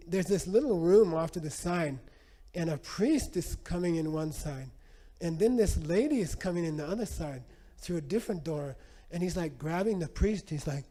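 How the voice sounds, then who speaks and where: Mellow-voiced man telling lively stories. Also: sits high. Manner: lively, animated anecdotes with many asides. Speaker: Buddhist teacher. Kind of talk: storytelling talk.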